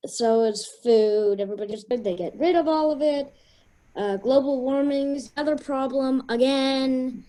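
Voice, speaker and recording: A woman's voice: high voice, moderate pace, dark tone, rough recording. A young woman improvising a story, hesitant and thinking aloud as she goes. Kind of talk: improvised round-robin storytelling.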